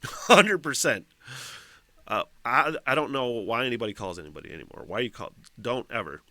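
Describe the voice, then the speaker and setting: Solo podcast host, man, crisp bright voice, dry booth sound, profane off-the-cuff commentary. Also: mid-range voice, normal speed, no echo. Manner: profane, animated, reacts with laughs and asides. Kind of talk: casual solo podcast commentary, reading a news story aloud.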